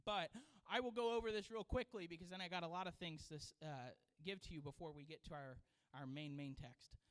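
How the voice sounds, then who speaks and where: A man who is a children's pastor, preaching a sermon and telling a story in an animated way with frequent laughter. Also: fairly high pitch, a little fast, clean tone, poor audio. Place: church sanctuary.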